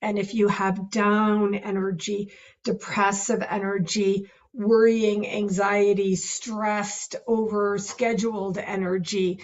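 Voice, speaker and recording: A middle-aged woman coach talks at an unhurried pace in a casual, heartfelt advice style. She sounds enthusiastic and laughs easily. The recording is slightly dull and lo-fi. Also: mid-range voice. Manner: warm, earnest and enthusiastic, laughs often. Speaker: confidence speaking coach.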